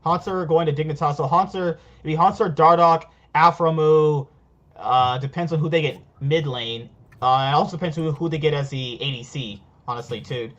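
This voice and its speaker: A young man co-hosting a podcast, talking excitably about players with lots of stammering and laughs. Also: on the high side, normal speed, highs cut off. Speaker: podcast co-host. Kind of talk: casual esports chat.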